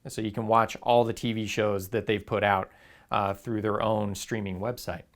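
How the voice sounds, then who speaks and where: A man's voice: lowish voice, level tone, moderate pace. Easygoing man rambling to camera. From Southern California. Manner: rambling, filler-heavy, easygoing. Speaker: photography YouTuber. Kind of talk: casual vlog talk to camera.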